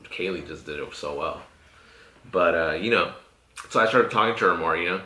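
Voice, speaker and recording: Low-voiced man telling casual stories. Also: normal speed, bright, forceful tone, roomy sound. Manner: profane, laid-back storytelling with frequent fillers. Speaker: podcast host. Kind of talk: casual podcast chat.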